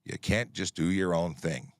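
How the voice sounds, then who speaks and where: Man, middle-aged, police officer host, livestream Q&A, firm plain-spoken, low voice, dry sound. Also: expressive, normal speed, dry recording. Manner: firm, plain-spoken, explains rules while scrolling comments. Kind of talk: livestream Q&A chat.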